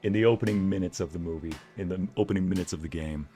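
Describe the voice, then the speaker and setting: A man casually commentating a video game as a streamer, playful and jokey, sometimes breaking into loud yelling. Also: low-pitched, fast talker, faint music behind.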